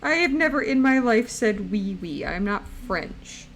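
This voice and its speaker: A woman's voice: on the high side, animated, a little slow, a little hiss or hum. A young woman streaming live, chatting playfully and rambling to her viewers while she draws. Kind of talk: casual live-stream chat while drawing.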